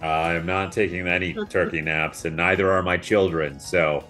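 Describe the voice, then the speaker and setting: A man's voice: low-pitched, steady tone, moderate pace, sharp tone, soft background music. A tired man co-hosting a sports podcast, chatting playfully and boasting. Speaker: podcast co-host. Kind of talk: casual chat.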